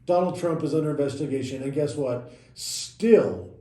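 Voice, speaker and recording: Dark-voiced man explaining in a roomy space. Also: on the high side, normal speed. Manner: recounts events step by step, corrects himself mid-sentence. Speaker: podcast co-host. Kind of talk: casual explanatory chat. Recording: roomy echoey room.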